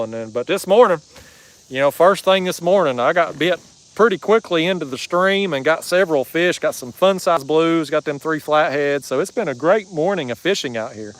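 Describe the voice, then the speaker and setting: A man's voice: a little high, clear, resonant tone, poor audio. A man hosting a fishing livestream from a kayak, chatting casually and reading out viewer comments in a folksy drawl. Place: kayak on a river outdoors.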